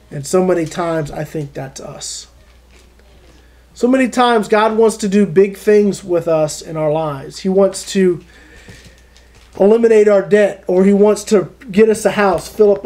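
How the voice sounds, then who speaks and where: High-voiced, mellow preacher man. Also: low-quality recording. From South Carolina. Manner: conversational storytelling, addresses a listener by name. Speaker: pastor. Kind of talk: informal home-church sermon. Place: small home fellowship gathering.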